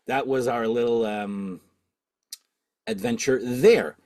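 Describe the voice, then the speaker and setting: A man's voice: medium pitch, lively intonation, slow, gravelly, darkish tone. A middle-aged man from Canada, the host of a record-collecting channel, telling a rambling story with lots of fillers and restarts. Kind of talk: casual storytelling.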